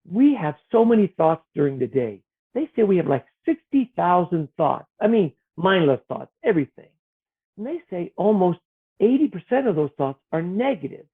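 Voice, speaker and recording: A man, an author, talking earnestly and gently about faith and self-worth, sometimes acting out the voices in his head. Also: high voice, big pitch swings, normal speed, slightly rough. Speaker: author guest. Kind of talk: reflective spiritual conversation. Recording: tinny phone-like line.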